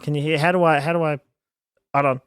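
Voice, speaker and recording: A man's voice: fairly high pitch, fairly even intonation, fast, clear, resonant tone, no room sound. A young Australian man co-hosting a podcast, chatting casually and arguing his point insistently with a lot of laughing. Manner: argumentative, insistent, laughs often. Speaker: podcast co-host. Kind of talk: casual chat.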